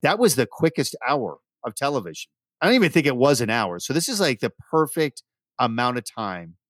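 A man's voice: medium pitch, sing-song, a little fast, a bit bright, no room sound, clean studio sound. A man hosting a podcast, talking in a laid-back, chatty and enthusiastic way. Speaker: podcast host. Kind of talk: casual podcast chat.

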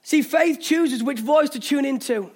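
High-voiced English preacher, rousing. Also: male voice, measured pace, darkish tone. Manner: passionate, exhorting, jokey asides. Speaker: pastor. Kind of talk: sermon. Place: church hall.

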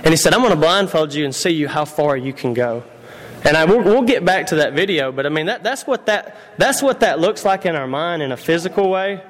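A man's voice: a little high, expressive, fairly quick. A man preaching a conversational sermon, repeating himself and putting questions to his congregation. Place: church hall. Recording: long reverb of a church hall.

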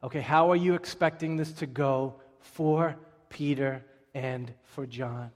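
A man preaching a sermon, telling stories with lively swings between quiet asides and loud emphasis. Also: mid-range voice, a little slow. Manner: animated storytelling preacher, shifting from soft to loud. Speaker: pastor. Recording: long hall reverb.

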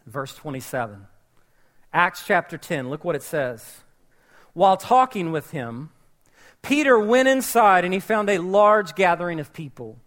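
A man's voice: high-pitched, expressive, measured pace, fairly bright tone. A man preaching a sermon, telling a Bible story and acting out its characters' voices. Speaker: pastor.

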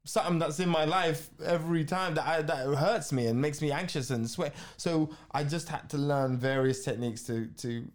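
Animated male actor telling stories. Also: a little high, normal speed, hardly any pauses. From England. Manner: animated storyteller, acts out scenes with voices. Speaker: actor and podcast guest. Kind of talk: casual chat.

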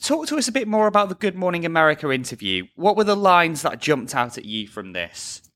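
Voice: medium pitch, very animated, a little fast, fairly bright tone. A British podcast host who chats casually, tells stories with animation and slips into mimicking other voices.

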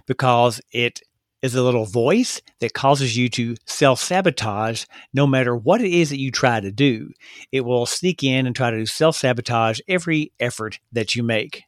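A man talks straight into a close podcast mic in a dry, deadened space, his voice sitting at a middling pitch. He speaks earnestly and gets carried away with excitement, tripping over words and restarting sentences as he goes. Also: no room sound. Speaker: podcast host. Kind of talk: solo motivational podcast talk.

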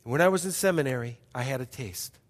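A middle-aged male pastor preaching a sermon as a story, emphatic and repetitive, dropping to hushed passages between bursts. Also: mid-range voice, animated, a little fast. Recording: long hall reverb.

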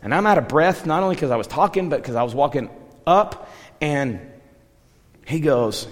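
A middle-aged man preaching as a missionary, telling stories in a lively, conversational way and acting out the dialogue. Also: a little high, moderate pace, pauses often, big-room sound. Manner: animated, conversational, acts out dialogue. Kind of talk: sermon storytelling.

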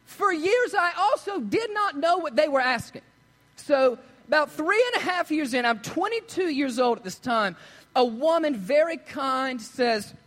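A young man preaches in a loose, joking way and slips into lively voices for the people in his stories. His voice sits high for a man. The sound rings with the long reverb of a church hall. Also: unhurried. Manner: joking, storytelling, quotes others in lively voices. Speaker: pastor. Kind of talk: casual sermon. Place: church sanctuary.

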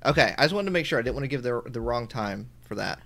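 A man co-hosting a casual podcast, talking in a relaxed way with frequent ums and restarts. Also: medium pitch, quick pace, gravelly. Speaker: podcast co-host. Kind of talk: casual chat.

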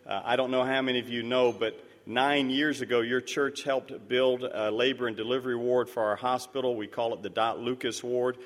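A man gives a mission report from the front of a church. He tells his stories in an earnest, animated way. His mid-range voice rings with long hall reverb. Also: mid-range voice, normal speed, few pauses. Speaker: missionary speaker. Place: church sanctuary.

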